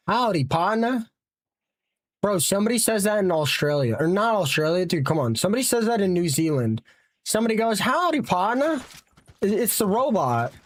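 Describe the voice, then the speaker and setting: Exasperated streamer with a lively, swooping voice. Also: medium pitch, no room sound. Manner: exasperated, repeats disbelieving questions, talks to chat. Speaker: streamer playing a battle royale game. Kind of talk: live gameplay commentary chatting with viewers.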